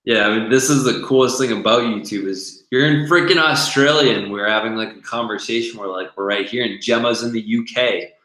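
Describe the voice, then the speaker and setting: A man's voice: medium pitch, brisk, hardly any pauses, sharp tone. Enthusiastic man hosting a casual video chat, informal, in a roomy echo. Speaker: YouTube host. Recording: echoey room.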